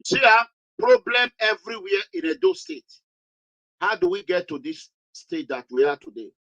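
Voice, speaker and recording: A man's voice: high voice, huge pitch swings, moderate pace, bright, forceful tone, lo-fi sound. A man with a Nigerian English accent, hosting a live online talk show with dramatic, emphatic announcing. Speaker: host.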